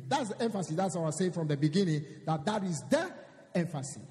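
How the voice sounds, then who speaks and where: A man's voice: high voice, expressive, brisk, warm tone, in a large hall. A man preaching a sermon, reading scripture aloud and repeating lines for emphasis.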